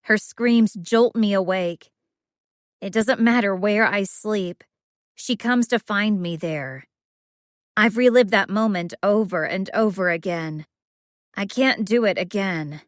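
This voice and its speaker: A woman's voice: mid-range voice, takes it slowly, dry recording, clean studio sound. A woman reading a first-person thriller audiobook as an anxious, brooding inner monologue. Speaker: audiobook narrator.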